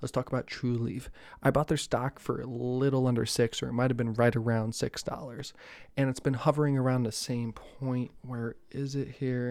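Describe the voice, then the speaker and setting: A young man from New Jersey hosting a cannabis news show, talking loosely and excitably with a lot of profanity. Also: medium pitch, normal speed, no room sound. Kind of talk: casual news commentary.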